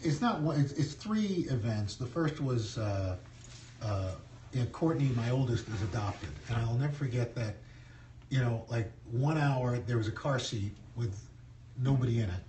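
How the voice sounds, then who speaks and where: A man's voice: mid-range voice, animated, normal speed, mellow. A middle-aged man as an interview guest, chatting casually and telling stories with playful jokes. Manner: jokey, playful storyteller who slips into put-on voices. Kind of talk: casual chat. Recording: roomy echo, far from the mic, faint noise.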